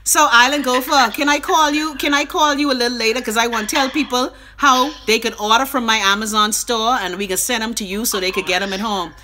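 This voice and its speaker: A woman's voice: on the high side, fairly even intonation, fairly quick, few pauses, sharp tone, slight background noise. A middle-aged Bahamian woman hosting a casual live stream. She rambles from topic to topic with salty, profane talk.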